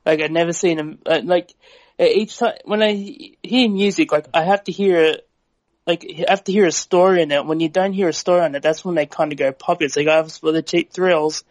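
A man's voice: on the high side, a little fast, no room sound. A man from Australia chatting casually on a podcast, hesitant and full of fillers. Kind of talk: casual chat.

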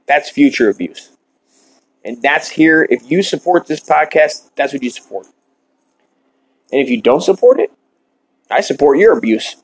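A man hosting a podcast, delivering a shock-comedy monologue in a deadpan, mock-earnest rant while smoking. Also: a little high, husky, poor audio. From Ireland. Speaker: podcast host.

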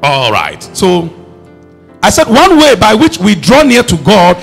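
A man preaching a sermon, emphatic and rising to shouts as he calls on the congregation to respond. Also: high voice, wildly swooping pitch, measured pace, gravelly, soft background music.

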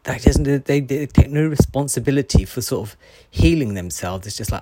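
A man giving a daily oracle card reading. He reads the card text aloud slowly, then comments in a loose, chatty way with frequent ums and asides. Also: medium pitch, expressive, mellow, a little hiss or hum.

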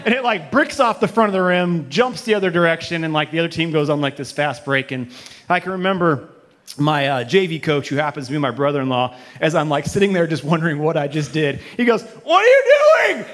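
Male pastor, fairly high voice, relaxed and jokey sermon storyteller who pokes fun at himself. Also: quick pace, big-room sound. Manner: casual, joking, self-deprecating storyteller; acts out his own past reactions. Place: church auditorium with a live congregation.

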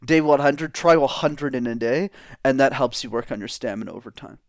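A man appears as an interview guest, coaching on public speaking and animatedly raising and lowering his tone to show different vocal tones. His voice is medium-pitched and fairly quick, recorded in studio quality with no echo. The talk is energetic interview conversation.

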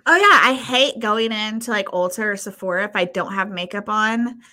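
A woman with a medium-pitched voice, talking at normal speed, tells a story while co-hosting a podcast. It's casual chat, full of free swearing and animated impressions of what others said.

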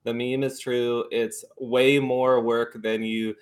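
A man joining a casual podcast as a guest author. He jokes about himself and talks in a halting way full of fillers. His voice sits at a middle pitch. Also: little pitch movement. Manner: joking, self-deprecating, halting with fillers. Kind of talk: casual interview chat.

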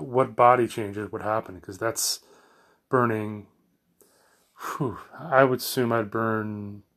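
A middle-aged man talks loosely into his phone during a live broadcast. His voice sits a little low, and he drifts from thought to thought, often stopping and restarting mid-sentence. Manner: meandering, self-correcting, frequent fillers. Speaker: live-stream host. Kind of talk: rambling casual monologue.

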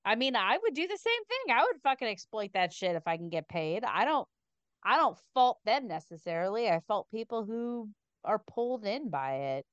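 Blunt, sarcastic woman with a smooth voice. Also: fairly high pitch, very animated, normal speed, no room sound, highs cut off. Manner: blunt, sarcastic, heavy swearing. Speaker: podcast co-host. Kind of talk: casual chat.

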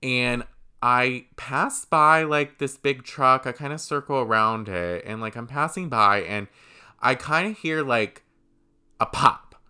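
Bright-voiced man rambling a storytime. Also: mid-range voice, slow, smooth. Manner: rambling, filler-heavy, swears. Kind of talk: casual storytime.

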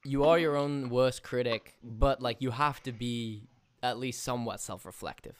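A man's voice: mid-range voice, normal speed. A young man in his twenties hosting a casual chat, talking loosely with fillers and the odd swear.

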